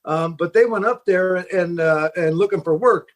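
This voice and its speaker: High-voiced man telling sea stories. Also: moderate pace. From Seattle. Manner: rambling, with many fillers and restarts. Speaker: fishing boat captain, guest. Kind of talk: casual storytelling in a podcast interview.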